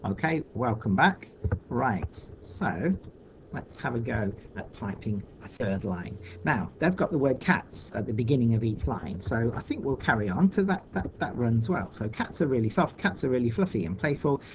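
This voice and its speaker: A man's voice: mid-range voice, big pitch swings, normal speed, background noise. A man teaching a recorded video lesson for children, patiently talking through each step aloud.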